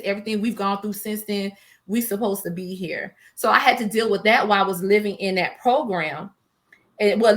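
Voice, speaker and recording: Woman, forties, interview guest, emotional storytelling, animated, mid-range pitch. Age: 40s. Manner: animated and emotional, quotes herself, laughs between hard memories. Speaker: small business owner, interview guest. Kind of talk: personal storytelling in a casual interview.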